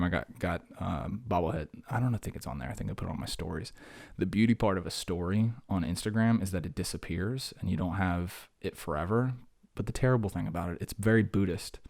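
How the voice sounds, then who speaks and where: A man's voice: deep voice, darkish tone. A man hosting his own podcast, rambling in a casual, jokey way and talking himself down from rants. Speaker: podcast host. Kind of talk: casual solo podcast monologue.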